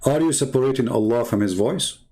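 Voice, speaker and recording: Hosting a live online debate, a man with an Arabic accent fires off rhetorical question after rhetorical question to ridicule his opponents. He comes from the Arab world, and his mid-range voice is mellow and a little fast.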